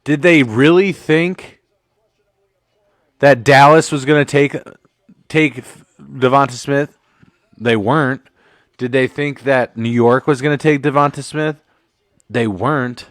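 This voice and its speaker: A man's voice: mid-range voice, fairly even intonation, slow pace, long pauses, no echo, clean studio sound. A man hosting a casual live sports commentary stream, joking and swearing as he rambles, a bit tipsy from drinks. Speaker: livestream host.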